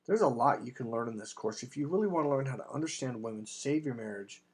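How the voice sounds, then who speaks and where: A man's voice: medium pitch, animated, fast, slight background noise. A man talking as a dating coach, delivering an emphatic, blunt sales monologue with casual swearing. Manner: acts out quoted voices in anecdotes.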